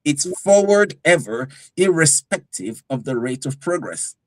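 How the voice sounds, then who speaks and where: A man co-hosting a casual podcast chat, telling stories with lively energy and acting out what people said. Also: on the high side, a little slow, no room sound, poor audio. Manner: animated storyteller, acts out quotes. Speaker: co-host.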